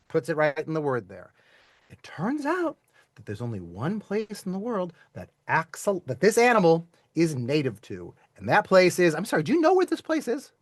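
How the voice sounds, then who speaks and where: A man's voice: fairly high pitch, wildly swooping pitch, moderate pace, dry recording. A man teaching a live online class to children, playful and chatty, quizzing students and asking them to type their answers in the chat.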